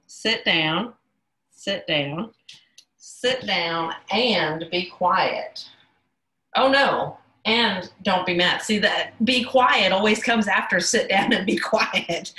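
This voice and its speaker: A woman's voice: lowish voice, sharp tone. A woman teaching a sign language class over a video call, talking casually, correcting herself and checking in with "y'all" and "yep". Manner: chatty, self-correcting, says "y'all" and "yep" often. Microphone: computer mic on a video call. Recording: echoey room on a video call.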